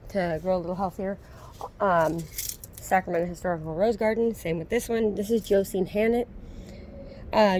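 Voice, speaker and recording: A woman's voice: medium pitch, a little hiss or hum. Chatty woman touring her backyard garden. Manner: chatty, relaxed, with frequent ums. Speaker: gardening vlogger. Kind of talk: casual garden tour.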